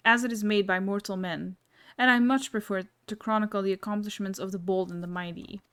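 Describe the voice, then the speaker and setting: A woman's voice: on the high side, darkish tone, close to an everyday voice. A woman reading a smug, mysterious voice. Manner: archaic, formal and mock-gracious diction. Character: mysterious taunting male voice, theatrical, smug. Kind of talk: reading game dialogue aloud.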